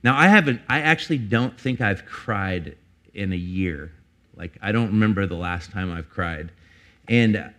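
A man's voice: fairly low pitch, normal speed, a bit bright. Man preaching a candid sermon. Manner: candid, conversational storytelling with restarts. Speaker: pastor. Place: church.

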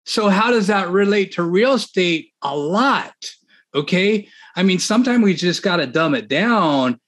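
A man hosting a podcast on real estate and coaching, talking in an energetic, chatty way and laughing often. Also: high-pitched, unhurried. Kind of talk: casual chat.

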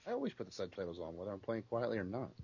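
A man co-hosting a casual podcast chat, with animated, quick banter. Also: lowish voice, creaky, highs cut off, slight background noise. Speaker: podcast co-host.

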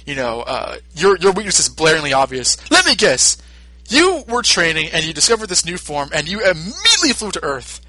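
A man's voice: on the high side, wildly swooping pitch, fairly quick, sharp tone, dry recording, exaggerated voice, low-quality recording. A man voicing a sneering male alien tyrant who mocks and gloats while retelling a cartoon fight. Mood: gloating. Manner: taunting, mocking.

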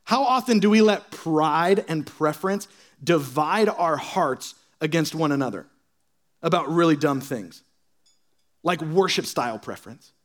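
A young adult man preaching a sermon in a casual, sarcastic way, acting out the voices of churchgoers in quick asides. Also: a little high, expressive. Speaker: pastor.

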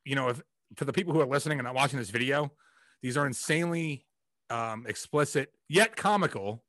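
A man's voice: mid-range voice, fairly quick, a bit bright, dry recording, studio quality. A man in a casual chat, laid-back, laughing often and swearing casually.

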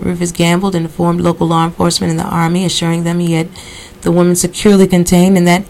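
Gravelly-voiced woman reading a novel aloud. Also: lowish voice, rough recording. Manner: steady reading with casual asides. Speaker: podcast host reading a novel. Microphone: computer recording software.

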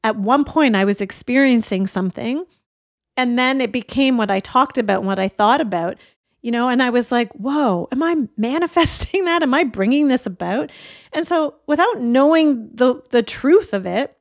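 A woman's voice: medium pitch, vocal fry, no echo, clean studio sound. A middle-aged woman life coach giving an earnest, reflective motivational talk and sharing personal stories openheartedly. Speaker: life coach and podcast host.

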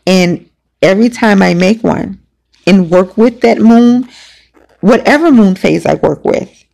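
Female podcaster, gravelly mid-pitched voice, casual emphatic storyteller. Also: darkish tone. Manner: casual, emphatic, conversational with many fillers. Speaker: podcast host. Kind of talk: personal storytelling.

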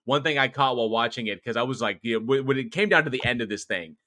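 A man with a bright, clear-edged voice rambles through a casual horror-movie chat. He swears freely and keeps restarting his sentences. He sounds enthusiastic and unpolished, like a podcast co-host. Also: mid-range voice, quick pace. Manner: animated, profane, rambling with restarts. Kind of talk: casual film discussion.

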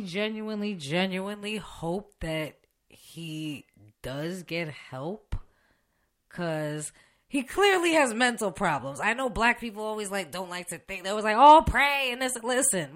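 A young woman on her podcast, talking unedited and straight off the cuff. She has a bright, sharp voice, swears constantly, and laughs in the middle of her own sentences. She is recorded in a radio station studio. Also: medium pitch. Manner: heavy swearing, blunt and opinionated, laughs mid-sentence. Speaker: podcast host. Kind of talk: unedited casual rant.

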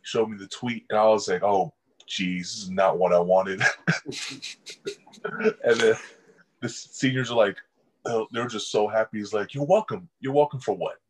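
A man's voice: on the low side, steady tone, normal speed, pauses often, a little hiss or hum, rough recording. A young man, a college football player, telling casual stories in an interview and laughing often. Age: young adult. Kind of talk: casual storytelling.

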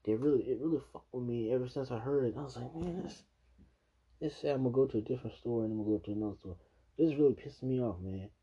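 A man's voice: mid-range voice, very fast, dark tone, slightly rough, highs cut off. A man reacting to a news clip with heated, profane ranting full of restarts. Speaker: video reactor. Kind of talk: casual reaction commentary.

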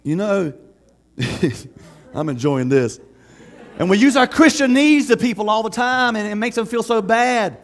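A man preaching a sermon as pastor, conversational and lively, laughing often and acting out quotes. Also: high voice, measured pace.

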